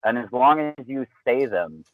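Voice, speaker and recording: A man's voice: medium pitch, animated, a bit bright, no room sound, rough recording. Podcast guest guy laying out his arguments, dry sense of humor, super dry close sound. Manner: measured, explanatory, dry wit. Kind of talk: casual podcast chat.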